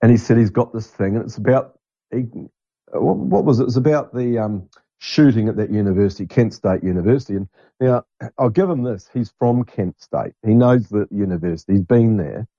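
A middle-aged man rambles bluntly through a casual podcast monologue and swears without a second thought. His voice is low, mellow and a little husky. The recording is dull and lo-fi, with a dry sound. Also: brisk, dry recording. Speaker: podcast host.

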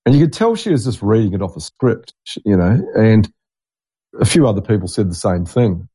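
A man's voice: fairly low pitch, very animated, fairly quick, warm tone, husky, no echo. A middle-aged man, a podcast host talking in a rambling, blunt, digressive monologue. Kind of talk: casual monologue.

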